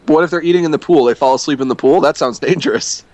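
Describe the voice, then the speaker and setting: A man co-hosting a comedy podcast, playing the straight man in an improvised bit, playful and quick to laugh. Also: on the high side, darkish tone, no echo, dull audio. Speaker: podcast co-host.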